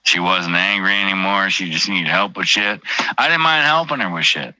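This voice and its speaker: A man's voice: low-pitched, moderate pace, bright, forceful tone, no echo, poor audio. A man telling a personal story on a casual livestream, blunt and heavily profane, often repeating his phrases. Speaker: livestream host.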